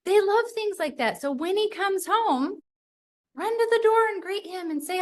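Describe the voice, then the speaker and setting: A middle-aged woman co-hosting a podcast in casual chat, animated, acting out little quoted voices. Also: very high voice, moderate pace. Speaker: podcast co-host.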